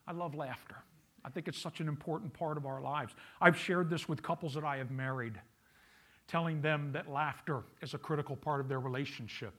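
A man's voice: fairly high pitch, a bit bright. A male pastor preaching a sermon, emphatic, repeating key phrases and asking the congregation questions.

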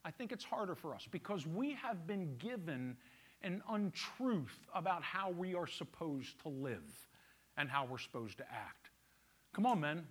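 A man preaches to his church, his voice sitting a bit high and swinging widely in pitch. He talks in a conversational, teasing way with the congregation, speaking into a stage mic. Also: big pitch swings, moderate pace, husky. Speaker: pastor. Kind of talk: sermon. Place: church sanctuary.

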